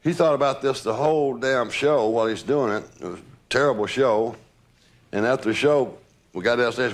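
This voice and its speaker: A man's voice: mid-range voice, a little fast. An older man, telling old stories in a rambling way, repeating words and laughing as he goes. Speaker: former entourage member telling stories. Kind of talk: casual storytelling.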